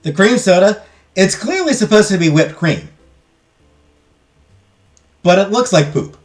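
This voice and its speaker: A man's voice: high-pitched, animated, unhurried. A man hosting a let's play, giving casual commentary with rambling, jokey asides and fillers.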